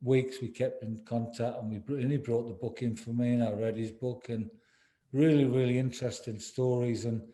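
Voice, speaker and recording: A man talks openly in an interview. His voice is deep and very dark and mellow in tone, and his speech is halting, full of restarts and "you know"s. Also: little pitch movement. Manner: halting, repeats words, says "you know" often. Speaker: interview guest, former footballer. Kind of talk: candid interview conversation.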